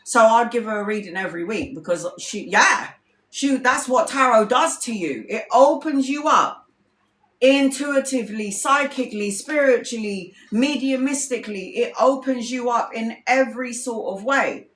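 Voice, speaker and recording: A woman's voice: a little high, moderate pace, a bit bright, roomy sound. A woman tarot reader telling stories in casual livestream chat. She is blunt and chatty, swears freely and acts out her friends' lines.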